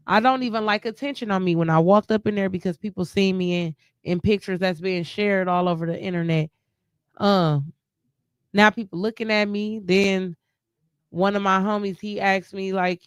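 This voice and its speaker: Grieving woman, smooth clear voice. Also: medium pitch, fairly even intonation, normal speed, no room sound, clean studio sound. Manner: emotional, rambling, restarts often. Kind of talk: casual chat. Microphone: live stream mic.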